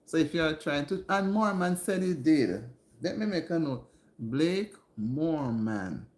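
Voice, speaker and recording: A woman hosting a casual home livestream, chatting warmly and greeting her viewers by name. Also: low voice, expressive, unhurried, reverberant. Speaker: livestream host. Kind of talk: casual live-stream chat with viewers. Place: indoors at home.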